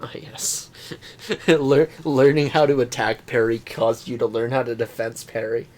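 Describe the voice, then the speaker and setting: A man co-hosting a podcast in casual chat, joking around and quick to laugh. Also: mid-range voice, darkish tone. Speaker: podcast co-host. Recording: faint background noise.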